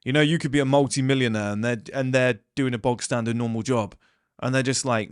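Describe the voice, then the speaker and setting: A man's voice: mid-range voice, steady tone, fairly quick, clear, resonant tone, dry recording, studio quality. A man giving a blunt, rambling casual monologue to camera, swearing freely. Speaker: self-improvement vlogger.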